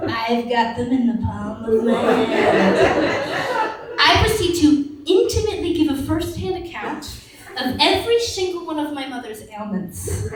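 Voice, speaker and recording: A young woman in her twenties tells stand-up stories in a fairly high voice, acting out the people in them with animated delivery. She is recorded from a distance in a very echoey venue. An audience laughs loudly around her. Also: moderate pace, crowd noise. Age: 20s. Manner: animated storytelling with acted-out quotes. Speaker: stand-up comedian. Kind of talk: stand-up comedy set. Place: comedy venue with a live audience.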